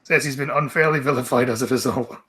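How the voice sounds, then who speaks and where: Scottish male streamer, bright tone, halting casual news read with swearing. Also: mid-range voice, slight background noise. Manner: halting, swearing, trailing asides. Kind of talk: casual news reading on a livestream.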